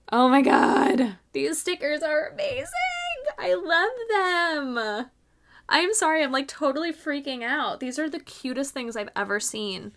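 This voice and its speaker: A young woman hosting a crafting podcast, gushing and gasping excitedly as she unboxes handmade gifts. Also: fairly high pitch. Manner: gushing, gasping, swears mildly, fast bursts of excitement. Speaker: podcast host.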